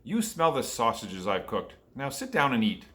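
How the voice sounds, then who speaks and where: The giant's wife scolds in a matter-of-fact storybook voice, as a male reader puts her on. The voice stays bright and close to the reader's own. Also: medium pitch, very animated, normal speed. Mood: scolding. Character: giant's wife, stern but kindly woman.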